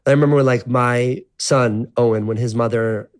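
Here a guest in his thirties shares his life story in a casual, rambling interview, swearing often and saying "like" over and over. His voice is medium in pitch, fairly even in intonation, and moderately paced.

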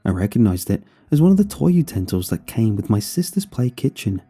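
Dark, husky male horror storyteller. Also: fairly low pitch, brisk, faint music behind. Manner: expressive first-person storytelling. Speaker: narrator. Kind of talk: scripted horror story narration.

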